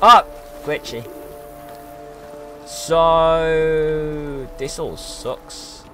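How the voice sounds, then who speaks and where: A man's voice: a little high, drawn-out words, bright, forceful tone, soft background music. A young man from the UK giving casual let's-play commentary as a streamer, rambling and exclamatory with lots of ums. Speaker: gaming streamer.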